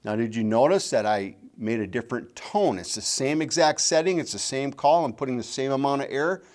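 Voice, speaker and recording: A man's voice: mid-range voice, expressive, brisk, darkish tone. A middle-aged man teaching calling technique, patient and repeating key points. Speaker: game call instructor. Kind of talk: instructional demonstration.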